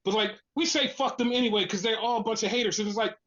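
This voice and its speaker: A podcast co-host rants casually at a quick pace, swearing nonstop and sounding fed up. The recording is muffled. His exasperated, profane delivery is animated, and he drops into a lower voice to mimic other people.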